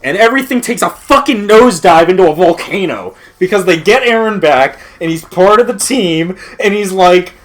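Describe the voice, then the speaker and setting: A man's voice: high-pitched, lively intonation, moderate pace, hardly any pauses, a bit bright. Profane, laughing man on a rant. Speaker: let's play commentator. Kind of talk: casual ranting commentary.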